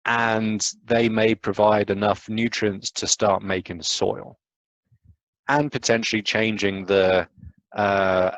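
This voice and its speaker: A man giving an enthusiastic live science lecture over a video call, talking quickly with lots of fillers and asides. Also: on the low side, no room sound, poor audio. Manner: enthusiastic, fast, rambling with fillers.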